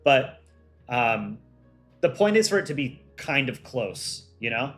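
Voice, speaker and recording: A man's voice: medium pitch, very animated, slow, fairly bright tone, faint music behind. A man who voices cartoon characters, hosting a casual livestream and reading viewer chat aloud as he runs polls. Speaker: livestream host and voice actor.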